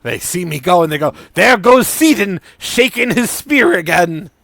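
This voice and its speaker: A man's voice: high-pitched, lively intonation, moderate pace, gravelly, a bit bright, no room sound, clean studio sound, pitched above the performer's own voice, exaggerated voice. A man voicing an eccentric, pompous male merchant alchemist who speaks with grand flourishes. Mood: theatrical.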